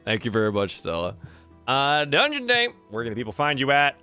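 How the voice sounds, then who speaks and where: Lively, bright-voiced male game master. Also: medium pitch, fairly quick, clean tone, faint music behind. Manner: upbeat, enthusiastic. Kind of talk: casual chat introducing players.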